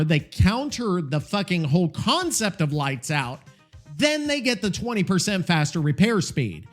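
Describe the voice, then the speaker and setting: Worn-out podcast dude ranting, high voice swinging all over, lots of swearing. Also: male voice. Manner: profane, rambling, animated. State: tired. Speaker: podcast host. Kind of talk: casual solo podcast rant.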